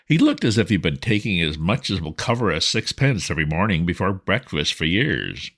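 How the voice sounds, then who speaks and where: Deep-voiced man reading a classic. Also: very animated, fairly quick, a bit bright. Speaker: narrator. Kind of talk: audiobook reading.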